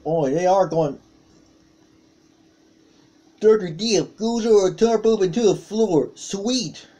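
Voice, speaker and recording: A man doing play-by-play commentary on a wrestling match, calling out moves with excited exclamations. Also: sits high, slow.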